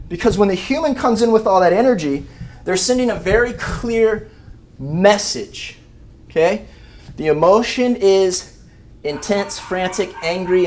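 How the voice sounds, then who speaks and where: A man, an animal behavior trainer giving a lively live talk to rescue volunteers and acting out everyday scenes. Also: high-pitched, a little hiss or hum. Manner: animated, acts out scenes with shouted mock voices.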